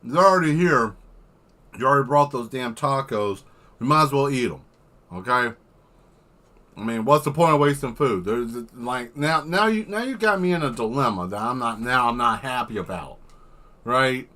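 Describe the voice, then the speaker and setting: A man's voice: mid-range voice, animated, normal speed, bright, forceful tone. A man chatting casually on a livestream while drawing, rambling into exaggerated comic rants and swearing freely. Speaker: artist streaming while drawing.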